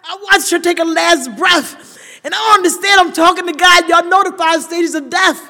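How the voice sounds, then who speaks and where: A woman's voice: very high-pitched, moderate pace, pushed and bright. Raw, emphatic woman in a reverberant hall. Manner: raw and emphatic, talks straight to the room. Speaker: speaker sharing a recovery story. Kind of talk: recovery meeting share. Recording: long reverb of a large hall.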